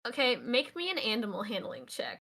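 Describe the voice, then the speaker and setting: Woman game master, bright and slightly high voice, loose filler-heavy narration. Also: huge pitch swings, normal speed.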